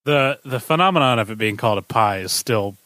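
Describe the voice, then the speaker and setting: Wry, deliberate man chatting. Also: medium pitch, expressive, bright, forceful tone, no echo. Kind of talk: casual chat.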